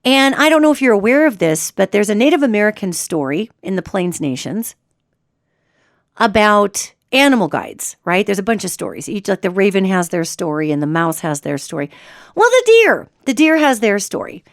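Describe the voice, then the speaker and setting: A middle-aged woman hosting a radio show, telling a story in a chatty, animated way with restarts. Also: mid-range voice, moderate pace, no echo, clean studio sound. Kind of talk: casual storytelling monologue.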